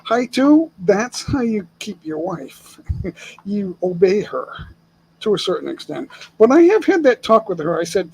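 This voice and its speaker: An older man from the United States chats casually on his live stream from home. His voice sits high for a man and has a gravelly, husky texture. He talks bluntly, states his opinions firmly and chuckles often. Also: very animated, a little slow, darkish tone, low-quality recording.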